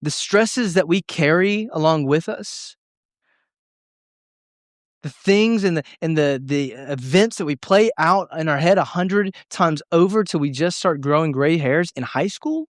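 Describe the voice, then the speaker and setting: Young male youth pastor, earnest and emotional sermon, fairly high voice, dry sound. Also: measured pace, no room sound. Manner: earnest, emotional storytelling with many restarts.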